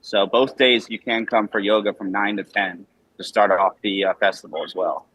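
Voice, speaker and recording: A man's voice: lowish voice, steady tone, moderate pace, fairly bright tone, breathy edge, poor audio. A man, a festival organizer, who sounds upbeat and laughs easily as he talks through the lineup as a guest. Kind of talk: casual interview chat.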